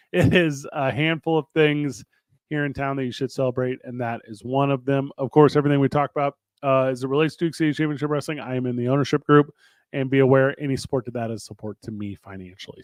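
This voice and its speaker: Here a podcast co-host and wrestling promotion co-owner in his thirties, hailing from around St. Louis, Missouri, talks quickly in a medium pitch with fairly even intonation and a slightly mellow tone. The recording is dry. Casual and chatty, he spins stories, voices both people in each exchange, and laughs frequently.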